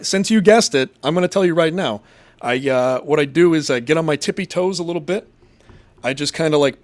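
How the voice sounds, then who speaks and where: A Massachusetts man with a slightly high voice hosts a casual live show, reading the chat aloud and rambling along in a crude, profane, joking manner.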